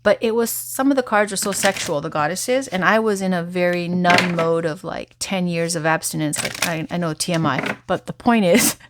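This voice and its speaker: Chatty tarot-reading woman, lowish voice. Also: moderate pace, hardly any pauses, background noise. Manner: chatty, candid, lively asides. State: losing her voice. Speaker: tarot reader. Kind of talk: tarot reading and guided affirmation.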